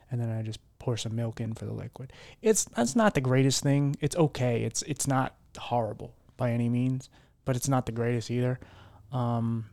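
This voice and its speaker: A man hosting his own podcast at home, talking candidly and rambling with lots of fillers and restarts, sounding low-spirited and worn down. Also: creaky, mellow, no echo. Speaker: podcast host. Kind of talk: candid solo podcast chat.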